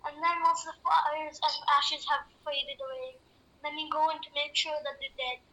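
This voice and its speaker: Young woman doing a boy chef, very high and piercingly bright voice, mock cooking show, cheery instructions, deadpan dark jokes. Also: moderate pace, rough recording. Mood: darkly gleeful. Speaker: chef in a comic cooking tutorial.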